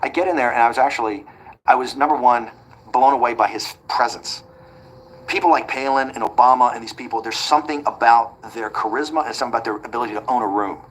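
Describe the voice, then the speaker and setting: A man being interviewed, telling a long anecdote quickly and acting out the quoted back-and-forth. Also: medium pitch, slight background noise, low-quality recording. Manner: rapid anecdotal delivery that acts out quoted dialogue. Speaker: interview guest. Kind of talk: storytelling in a conversational interview.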